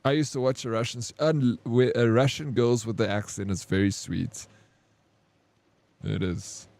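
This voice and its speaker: A man's voice: mid-range voice, steady tone, normal speed, creaky, darkish tone, no echo. A young man from South Africa with a South African accent, chatting frankly and laughing easily with viewers while he streams a game. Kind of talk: casual live-stream chat with viewers.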